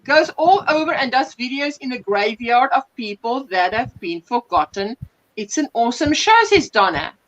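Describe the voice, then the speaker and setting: Lively high-voiced South African woman. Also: moderate pace, a little hiss or hum, rough recording. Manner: animated storyteller, bursts into loud laughter. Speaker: livestream host. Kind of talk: casual chat.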